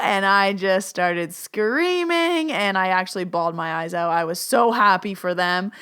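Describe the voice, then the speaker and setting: Chatty woman with a smooth clear voice. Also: moderate pace, hardly any pauses, a bit bright. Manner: chatty, lots of "like", acts out quotes with big pitch jumps. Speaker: podcast host and psychic medium. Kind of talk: casual storytelling monologue.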